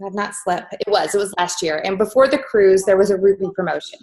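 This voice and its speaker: A woman co-hosting a business talk, who tells stories to the audience in an animated, chatty way full of fillers. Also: medium pitch, a little fast, rough recording. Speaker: host. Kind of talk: storytelling to an audience.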